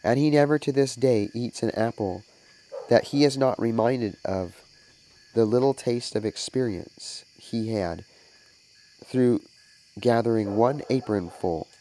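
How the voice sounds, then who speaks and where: A man, a minister, reading a moral story aloud in a slow, deliberate manner. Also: mid-range voice, warm tone, slight background noise, poor audio.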